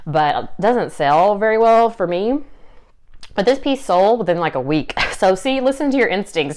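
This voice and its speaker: Her voice is on the low side and clean, with a Southern US accent. This young reseller vlogger talks casually to camera about her sales, upbeat, peppering her speech with fillers and little laughs.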